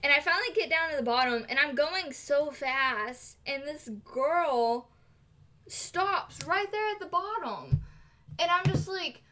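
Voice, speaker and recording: Bright, high-voiced young woman streamer. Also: unhurried. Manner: animated, giggly, lots of "like". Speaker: cosplay streamer. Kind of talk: casual storytelling while crafting on stream.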